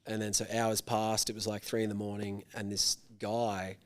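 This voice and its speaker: A man's voice: on the low side, little pitch movement, moderate pace. An Australian man telling a long story on a casual podcast, rambling and swearing, with many fillers. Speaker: podcast co-host.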